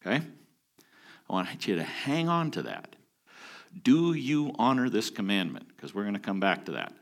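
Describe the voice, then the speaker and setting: A lower-voiced man leads a scripture study. He talks casually, then slows down and leans hard on key words. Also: big pitch swings, vocal fry. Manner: emphatic, stresses key words. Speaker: teacher. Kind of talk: Bible teaching.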